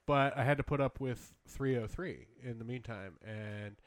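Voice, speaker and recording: A man appearing as a podcast guest, offering wry and dry remarks. He speaks at a middling pitch in a relaxed, casual way. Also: normal speed. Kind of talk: casual chat.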